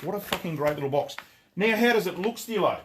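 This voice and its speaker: A man hosting a live product showcase from a gun shop, excitable and rambling, swearing freely as he talks. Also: sits high, fast talker, background noise. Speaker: gun shop owner and livestream host.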